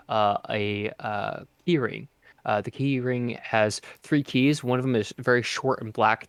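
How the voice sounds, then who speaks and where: A man's voice: medium pitch, dry recording. A man narrating as game master of a tabletop game, with many hesitant filler sounds.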